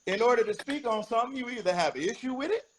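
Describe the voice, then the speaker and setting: A man's voice: very high-pitched, lively intonation, very fast, a little hiss or hum, poor audio. A man giving an interview as a rapper, talking bluntly and emphatically, with frequent profanity. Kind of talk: candid interview talk.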